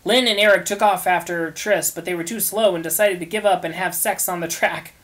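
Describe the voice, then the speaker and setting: A woman reads a crude parody story aloud in a flat, deadpan way, letting the nonsense speak for itself. Her voice sits a little low. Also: brisk, loud music behind the voice. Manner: deadpan reading of absurd crude text. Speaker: fanfiction reader. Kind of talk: comic story reading.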